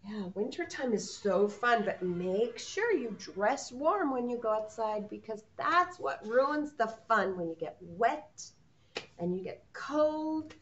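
Slow, gentle preschool teacher woman. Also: fairly high pitch, lively intonation, muffled recording. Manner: gentle, slow and encouraging, talking to small children. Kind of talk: children's lesson with sing-along.

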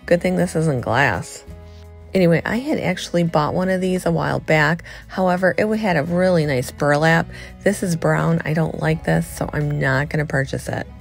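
A middle-aged woman chatting excitedly to viewers as she shops a thrift store, filming on a handheld phone. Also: sits low, normal speed, gravelly, soft background music. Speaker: vlogger. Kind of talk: casual thrift-store vlog chat.

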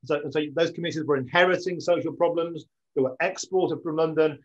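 A British man hosts a political talk show, speaking with earnest conviction that climbs into enthusiasm. His voice sits a little high for a man. The audio is dull and lo-fi. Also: fairly quick. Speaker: show host.

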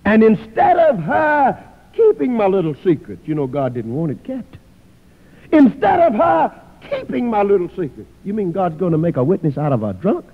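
A man's voice: high-pitched, big pitch swings, moderate pace. A man preaching a sermon, telling a story dramatically and acting out the people in it. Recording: tinny phone-like sound with long hall reverb.

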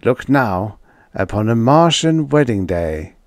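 A man reading an audiobook, voicing a cultured male Martian who speaks clearly and formally. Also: medium pitch, sing-song, takes it slowly, dry recording. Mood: stately. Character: cultured male Martian broadcaster, grand and calm. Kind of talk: audiobook character voice.

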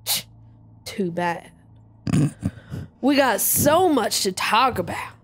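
A woman puts on a drawling Southern villain who talks sweet and means harm. The voice drops low and drags slowly through each syrupy threat, with a put-on Southern drawl. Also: lively intonation. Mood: syrupy menace. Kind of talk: reading a visual novel villain aloud.

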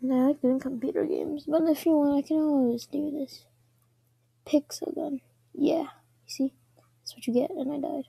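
A woman giving casual commentary over her own gameplay, chatting to herself and often dropping into quiet whispers. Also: high-pitched, fairly even intonation, moderate pace, vocal fry, no echo.

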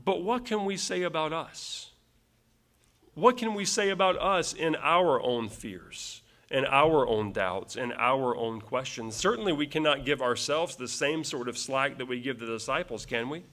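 A man's voice: mid-range voice, measured pace, fairly bright tone. A male pastor preaching a verse-by-verse sermon, earnest, repeating phrases for emphasis and closing points with rhetorical tag questions.

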